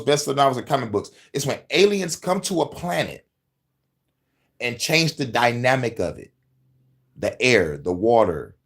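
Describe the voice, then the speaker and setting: Man, podcast host, lively swinging pitch, profane rant, frequent laughs. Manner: animated, profane, laughs often. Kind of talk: profane conspiracy commentary.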